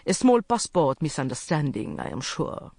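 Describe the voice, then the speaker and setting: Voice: medium pitch, huge pitch swings, moderate pace, vocal fry, darkish tone, no room sound, full character voice. A polite, formal hotel head concierge addresses a guest with careful courtesy, as the narrator puts him on. The reading stays close and dry, like a studio audiobook. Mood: courteous. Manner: formal, deferential. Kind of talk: audiobook character voice.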